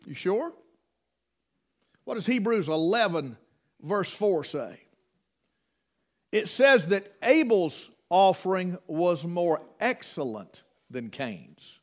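Folksy high-voiced preacher man. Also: sing-song, slow pace, pauses often. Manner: folksy storytelling with rural dialect. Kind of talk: sermon.

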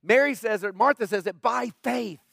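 A man's voice: very high voice, normal speed, gravelly, fairly bright tone, breathy edge, no echo, clean studio sound. A man preaching a conversational sermon, emphatic and plainspoken, often checking in with the listeners. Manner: emphatic, tags points with "right?". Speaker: pastor.

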